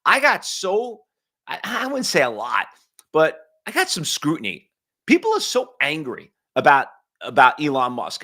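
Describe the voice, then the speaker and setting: Excitable New York trading-show host. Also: male voice, a little slow. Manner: excitable, chatty, jumps up in pitch when fired up. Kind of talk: live-streamed market commentary.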